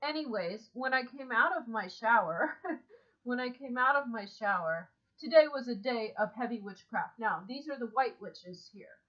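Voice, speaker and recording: A woman talks straight to the camera in a casual vlog, calm and matter-of-fact, stopping often to hunt for words. Her voice sits a bit high. The recording is dull and lo-fi. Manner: calm, matter-of-fact storytelling with frequent "um" pauses. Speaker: vlogger. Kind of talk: casual first-person vlog monologue. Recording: dull lo-fi sound.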